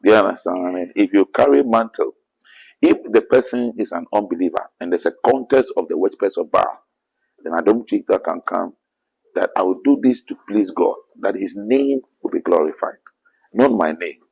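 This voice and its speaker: Gravelly deep Ghanaian preacher man. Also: lively intonation, normal speed, a little mellow, lo-fi sound. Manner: earnest, quotes scripture, rising to emphatic bursts. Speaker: apostle being interviewed. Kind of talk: preachy interview answers.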